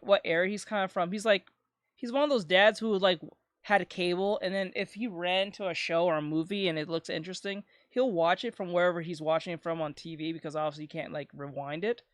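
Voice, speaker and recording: A woman streamer chatting casually, rambling and swearing, with bursts of loud ranting. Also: mid-range voice, no room sound, clean studio sound. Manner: rambling and profane, breaking into loud ranting and laughter. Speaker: streamer reacting to videos. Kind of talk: casual chat.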